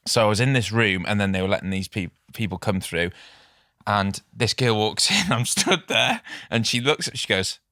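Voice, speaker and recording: A man hosting a casual chat show, telling animated stories with laughter and some swearing. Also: on the low side, normal speed, no echo, studio quality. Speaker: podcast host.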